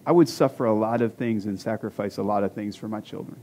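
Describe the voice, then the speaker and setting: A man's voice: on the low side, fast talker, dark tone, a little hiss or hum. A man in his forties preaching a conversational sermon as a pastor, with self-deprecating jokes and rhetorical questions to the congregation. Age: 40s. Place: church sanctuary.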